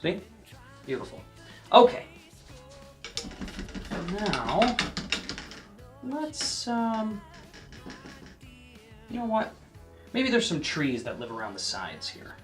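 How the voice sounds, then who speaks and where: A man giving a casual painting lesson, chatting to the viewer and often checking in, sometimes dropping to a soft near-whisper as he works. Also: sits high, huge pitch swings, slow pace, long pauses, over music. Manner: drops to a soft near-whisper while working. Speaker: painting instructor.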